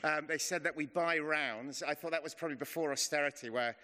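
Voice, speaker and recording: A man, middle-aged, giving an informal, chatty and self-deprecating sermon as a preacher. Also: on the high side. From England. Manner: chatty and self-deprecating, slows to a hush in prayer. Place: church hall. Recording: long reverb of a church hall.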